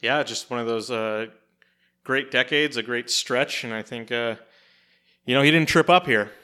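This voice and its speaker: A man's voice: medium pitch, normal speed, sharp tone, clean tone. A young adult man hosting a casual podcast chat, dry and laid-back as he runs the segments. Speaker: podcast host.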